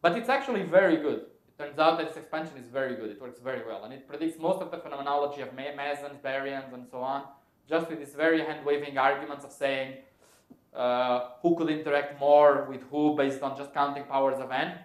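In an echoey lecture hall, a man with a mid-range voice gives a technical physics lecture at a fairly quick pace. He thinks aloud, explaining step by step and correcting himself along the way.

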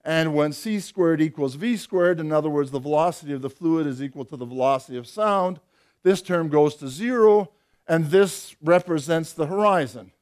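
Older male physics lecturer, slightly higher voice, dry wit, measured delivery with hesitations. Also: darkish tone. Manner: explanatory, dry wry humour, hesitant fillers. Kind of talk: academic lecture.

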